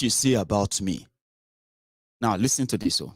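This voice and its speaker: A man with a Nigerian accent, giving an animated, casual monologue as a political commentator. He slips into Pidgin and Yoruba phrases. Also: medium pitch, measured pace, pauses often, dry recording, studio quality.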